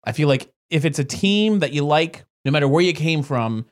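A man in a casual creative discussion about a show he is developing, talking in an animated, opinionated way and laughing often. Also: fairly high pitch, normal speed.

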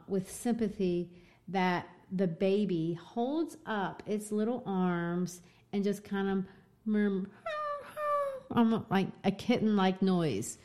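A woman in a casual book discussion, retelling the story in an animated way. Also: medium pitch. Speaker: co-host discussing a novel.

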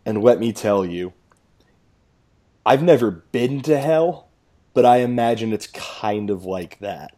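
A man's voice: lowish voice, expressive, takes it slowly, pauses often, dark tone. A man hosting a casual sports podcast, laughing easily and rambling with restarts. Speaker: podcast host.

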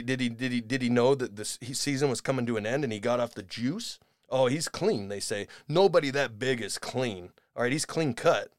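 Male podcast host, mid pitch, sarcastic rambling rants that swing from mutter to shout, dry close sound. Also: dry recording. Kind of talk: casual comedic rant.

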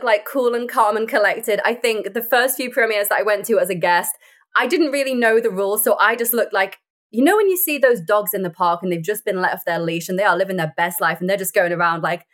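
A woman's voice: on the high side, a bit bright. A young woman, an actor, telling stories in a casual interview and laughing often. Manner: bubbly, laughs often, chatty storytelling. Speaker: actor and guest.

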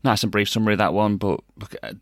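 A man's voice: lowish voice, animated, fast, gravelly, no echo. A man hosting a casual football podcast, talking in a dry, sardonic way. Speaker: podcast host.

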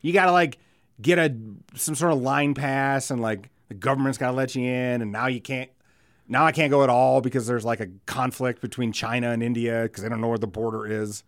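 A man's voice: mid-range voice, steady tone, brisk, no echo, clean studio sound. A man co-hosting a podcast in casual chat, rambling and profane, often breaking into laughter. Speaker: podcast co-host.

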